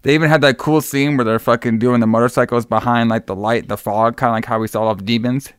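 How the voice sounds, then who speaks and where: Easygoing man with a smooth, resonant voice who rambles through a movie recap, full of fillers and swearing. The sound is dry and close. He speaks at a mid pitch. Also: steady tone, quick pace, dry recording. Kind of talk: casual movie recap chat.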